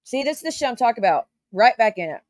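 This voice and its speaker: A woman's voice: on the high side, big pitch swings, a little mellow, no echo. Heated, defensive woman ranting to camera. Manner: defensive and confrontational, swearing, rapid rhetorical questions. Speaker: YouTube commentator. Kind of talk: heated reaction rant.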